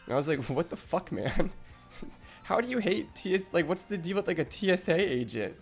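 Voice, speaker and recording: A man's voice: high voice, very animated, fairly quick, faint music behind. A young man streaming live, rambling in casual, profane chat with lots of restarts.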